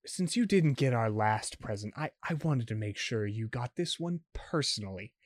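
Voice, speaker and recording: A man's voice: mid-range voice, lively intonation, normal speed, dry recording, lightly acted. A man voicing a menacing woman vampire gang leader who talks in a taunting, mock-sweet way. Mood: mock apologetic.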